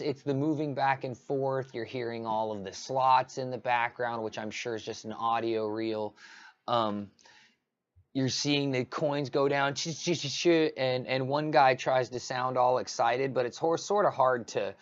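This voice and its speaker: A man's voice: medium pitch, a little slow, highs cut off. A man ranting casually on a livestream, rambling with many restarts. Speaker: live streamer.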